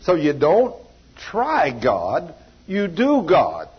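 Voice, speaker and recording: A man's voice: a little high, wildly swooping pitch, extremely slow, husky, lo-fi sound. A man preaching a sermon, telling a story and acting out the voices of the people in it, in a folksy, down-home way. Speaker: pastor.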